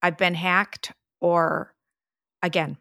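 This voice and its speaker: Chatty older woman with a gravelly voice. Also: on the low side, flat delivery, slow, bright, forceful tone, dry recording, studio quality. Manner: chatty storyteller, exclaims, laughs. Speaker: podcast co-host, mother. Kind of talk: casual family chat.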